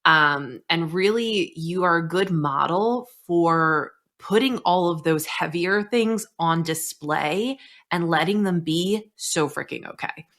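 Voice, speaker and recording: A woman's voice: on the low side, slow, fairly bright tone. A woman hosting a podcast conversation, a former therapist talking candidly and animatedly, swearing casually. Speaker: podcast host.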